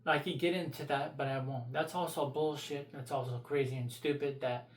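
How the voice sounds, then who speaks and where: A man's voice: medium pitch, steady tone, moderate pace, reverberant. A man vlogging his opinions in a blunt, profane, rambling rant.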